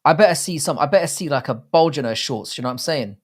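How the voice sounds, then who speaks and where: A man in his thirties speaks fast with a higher-pitched voice and lively intonation as he hosts a livestream watchalong. His casual commentary to chat is blunt, profane, and rambling.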